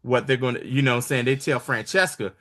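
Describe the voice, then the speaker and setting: A man's voice: medium pitch, fairly even intonation, fast talker, fairly bright tone. A man casually retelling a TV episode to his co-host, acting out the characters' lines in shifting voices. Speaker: podcast co-host recapping a show. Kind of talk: casual chat.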